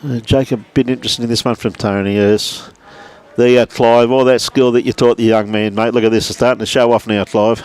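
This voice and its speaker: A man's voice: mid-range voice, steady tone, a little fast, darkish tone, clear, resonant tone. A man with an Australian accent giving casual live commentary on a lawn bowls livestream, chatting and greeting viewers by name between shots.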